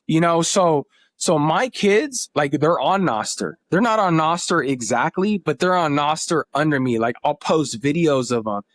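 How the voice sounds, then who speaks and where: A man's voice: a little high, animated, a little slow, few pauses. A man in his thirties, a podcast guest, telling family stories in an earnest, emotional way. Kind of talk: casual interview talk.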